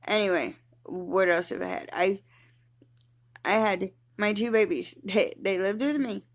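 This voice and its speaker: A woman in her thirties talking straight into her camera in a loose personal vlog. She rambles, swears without a second thought, and drifts off mid-sentence while she searches for the next word. Her pitch sits right in the middle for a woman. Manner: rambling, candid, swears freely, trails off searching for words. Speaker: vlogger.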